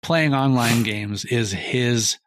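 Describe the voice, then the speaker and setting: A man's voice: mid-range voice, takes it slowly, no room sound. A middle-aged man co-hosting a podcast, telling an anecdote in casual chat and acting out the lines of the people in it. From Minnesota. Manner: animated retelling, acting out other people's lines. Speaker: podcast co-host.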